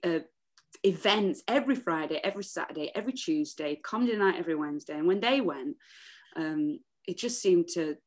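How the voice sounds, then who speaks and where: A woman in her thirties from England, a musician chatting as a podcast guest, animated and laughing often. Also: fairly low pitch, brisk. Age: 30s. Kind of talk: casual podcast chat.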